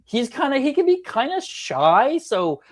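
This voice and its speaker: A man's voice: very high-pitched, very animated, measured pace. Wry man from New Jersey, podcast guest. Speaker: guest filmmaker. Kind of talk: casual chat.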